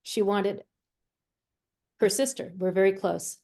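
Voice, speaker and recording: A woman who works as a medium and healer, a guest in an interview, telling stories in a lively way and acting out the voices she quotes. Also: medium pitch, slow pace, gravelly. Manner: animated storyteller who acts out quoted voices. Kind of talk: conversational storytelling.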